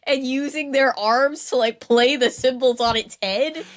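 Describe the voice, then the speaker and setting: A woman's voice: high-pitched, measured pace. A young woman hosting a casual chat who makes wry, dry asides. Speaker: podcast host.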